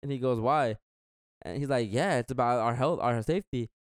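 A man's voice: medium pitch, fast talker, clean tone, dry recording, clean studio sound. Slangy young man telling a story. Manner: rambling, slangy, acts out quotes. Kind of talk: casual storytelling chat.

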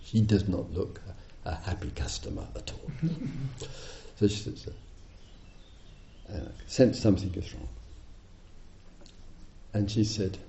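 A middle-aged man giving a dharma talk as a meditation teacher, telling stories in an animated way and chuckling often. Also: low-pitched, a little slow, long pauses, slight background noise. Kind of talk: dharma talk to retreat audience. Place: retreat hall. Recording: roomy, slightly dull hall recording.

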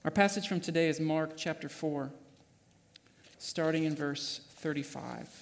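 A man preaching a sermon, telling a story vividly and swinging from hushed passages to loud, urgent ones. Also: fairly high pitch, unhurried, creaky, in a large hall. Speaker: pastor. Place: church sanctuary.

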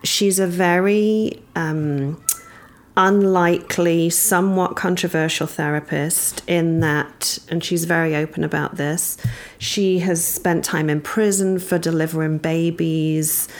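A woman from England, a podcast guest, telling a personal story thoughtfully with many pauses and ums. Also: lowish voice, fairly even intonation.

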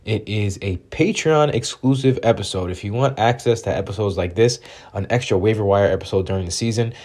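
A man's voice: lowish voice, fairly quick, a little mellow. Slightly sick man hosting a podcast. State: a little sick. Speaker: podcast host. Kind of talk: scripted show announcement.

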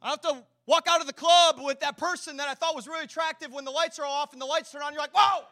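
A man preaching a sermon as pastor, swinging between hushed, intimate lines and loud, rousing ones, with chatty asides and rhetorical questions. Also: extremely high pitch, fairly even intonation, fast, dry recording.

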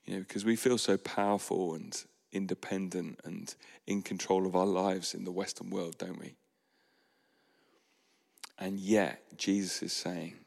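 A man preaching a sermon as a pastor, earnest and soft-spoken with sudden emphatic rises. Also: sits low, steady tone, unhurried, creaky. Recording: long hall reverb.

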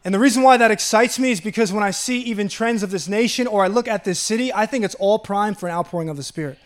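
A man's voice: high-pitched, fast. A man with a Long Island accent preaching a sermon, reading scripture aloud and chuckling between his points. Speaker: pastor.

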